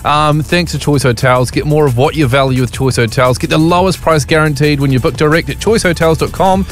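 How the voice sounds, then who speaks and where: A man's voice: fairly high pitch, brisk. A man hosting a drive-time radio show, chatty and upbeat, over a faint music bed. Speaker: radio host.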